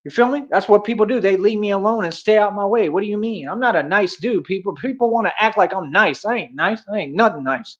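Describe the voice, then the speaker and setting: A young man holds forth on a livestream with a high, cocky voice, throwing out street slang and challenges to his listeners. The sound is dull and lo-fi, like a cheap stream mic. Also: fast talker, few pauses, fairly bright tone. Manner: boastful, confrontational, slangy street talk. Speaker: livestream host. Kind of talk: ranting livestream monologue.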